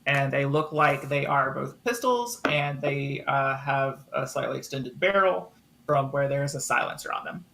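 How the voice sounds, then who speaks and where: Gravelly bright-voiced man running a tabletop game. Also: mid-range voice, expressive, unhurried, slight background noise. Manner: hesitant, many fillers. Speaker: game master.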